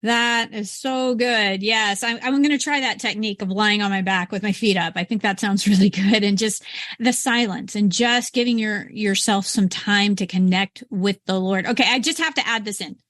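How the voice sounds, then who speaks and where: A woman's voice: medium pitch, normal speed, a bit bright, no echo, studio quality. A middle-aged woman hosting a podcast interview, speaking enthusiastically and laughing often. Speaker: podcast host.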